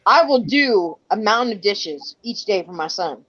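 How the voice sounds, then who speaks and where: A woman's voice: mid-range voice, expressive, moderate pace, a bit bright, dry recording. An older woman from New Jersey, a livestream host who chats casually and bluntly, swears freely and tells stories in quoted voices. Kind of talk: casual chat. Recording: dull dry sound.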